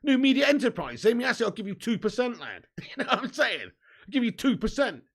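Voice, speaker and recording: A man hosting a live football watch-along, chatting excitedly with viewers, joking, laughing and swearing. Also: extremely high pitch, a little fast.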